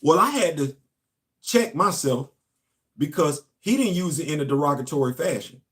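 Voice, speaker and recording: A man's voice: a little high, expressive, moderate pace, fairly bright tone. A man, a show host and former Marine, telling a long casual story and asking his listeners rhetorical questions.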